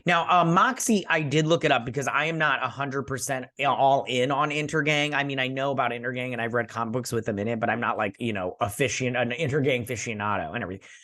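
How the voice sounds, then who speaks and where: A man's voice: mid-range voice, fast talker, hardly any pauses, pushed and bright. A man hosting a casual recap and review of a TV episode, rambling with lots of fillers and acting out the characters' lines.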